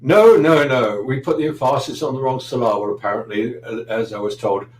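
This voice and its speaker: A man's voice: mid-range voice, a little fast, a little mellow, roomy sound, rough recording. A middle-aged man with a London accent, a guest chatting in an interview, anecdotal and dryly humorous with frequent hesitations. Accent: British, London. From London, England. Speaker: guest photographer. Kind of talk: casual interview chat.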